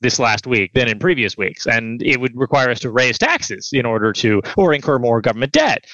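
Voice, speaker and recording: A man co-hosting a radio talk show, answering with dry, deadpan sarcasm and lecturing asides. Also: medium pitch, fairly quick, no room sound, lo-fi sound. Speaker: radio co-host. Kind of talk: political debate banter.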